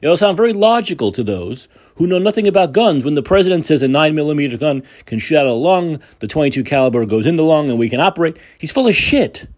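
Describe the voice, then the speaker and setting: Husky, animated man ranting. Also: a little high, quick pace, few pauses. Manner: combative, sarcastic, profane. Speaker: political talk show host. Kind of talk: opinionated monologue.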